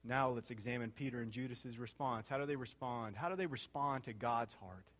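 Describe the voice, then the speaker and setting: A male pastor preaching a sermon, asking the congregation questions and repeating phrases, rising to loud high peaks and dropping to soft low passages. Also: a little fast.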